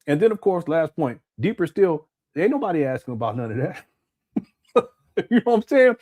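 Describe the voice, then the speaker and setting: A man's voice: high-pitched, sing-song, moderate pace, a little mellow. A man from Southern California talking casually as a live-stream commentary host, often repeating words and answering chat comments.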